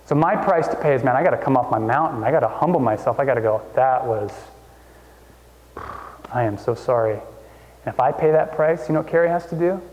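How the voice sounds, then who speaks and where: A man in his thirties preaching a sermon in a church, conversational and animated, jumping up in pitch to make a point. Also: very fast, few pauses. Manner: conversational, animated storytelling with sudden pitch jumps. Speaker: pastor. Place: church hall. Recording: long hall reverb.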